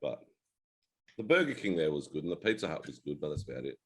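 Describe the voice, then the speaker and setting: Deep-voiced Australian man, laid-back. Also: sing-song, fast talker, a bit bright, slightly rough. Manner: laid-back rambling storyteller, swears freely. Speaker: co-host. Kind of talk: casual chat.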